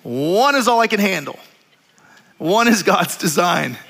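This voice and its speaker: A middle-aged male pastor, preaching a sermon in an animated, storytelling way with jokes and asides. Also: sits high, unhurried, gravelly.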